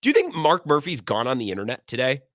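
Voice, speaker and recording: A sports radio host man, ranting with sarcasm. His pitch swings widely as he talks. The voice is bright, and the close studio mic is very dry. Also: huge pitch swings, quick pace, no echo. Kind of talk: opinionated sports talk radio.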